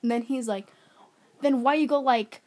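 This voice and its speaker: A young woman casually retelling a dating story, giggling and quoting text messages in a flat voice. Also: high-pitched, moderate pace. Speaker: co-host. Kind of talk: casual gossip chat.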